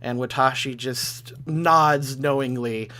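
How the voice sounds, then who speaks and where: A man's voice: mid-range voice, fairly even intonation, takes it slowly, bright, forceful tone. A man narrating a tabletop role-playing game as game master, casual with frequent hesitations.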